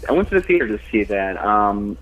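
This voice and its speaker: A man's voice: lowish voice, big pitch swings, brisk. Laid-back man on a tinny phone line. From United States. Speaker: podcast co-host. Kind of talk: casual podcast chat.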